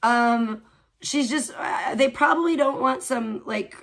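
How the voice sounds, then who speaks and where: A woman's voice: fairly high pitch, slow, a bit bright. Chatty laughing stream host woman. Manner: chatty, laughing, greets chat viewers. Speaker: livestream host. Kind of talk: live stream commentary.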